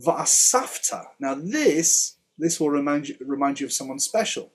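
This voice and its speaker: A man teaching Hebrew words in a relaxed Torah study conversation, chatty and quick to laugh. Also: on the high side. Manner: chatty, laughs often, explains word by word. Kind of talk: casual Torah study chat.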